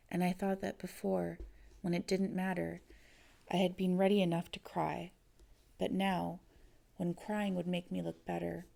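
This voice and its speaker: Gravelly, dark-voiced woman reading a story. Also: lowish voice. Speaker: audiobook reader. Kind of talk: first-person story reading.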